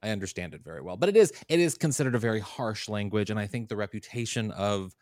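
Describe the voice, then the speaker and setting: A man's voice: on the low side, animated, quick pace, darkish tone, no room sound, clean studio sound. A man in his forties co-hosting a casual chat, talking in a loose, repetitive way as he thinks aloud. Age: 40s. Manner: chatty, stammers and repeats words while thinking. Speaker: podcast co-host.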